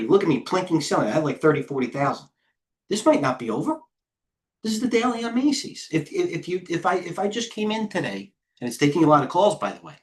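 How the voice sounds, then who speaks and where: Excitable middle-aged man calling trades. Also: sits high. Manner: rapid-fire, excitable, clipped ticker call-outs; talks to himself while trading. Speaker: head trader hosting a market livestream. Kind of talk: live trading commentary.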